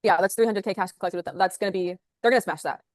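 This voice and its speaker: A woman, a sales manager, talking fast and upbeat as an interview guest over a video call, with lots of "like" fillers. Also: mid-range voice, no echo, clean studio sound. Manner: rapid, upbeat, full of "like" fillers.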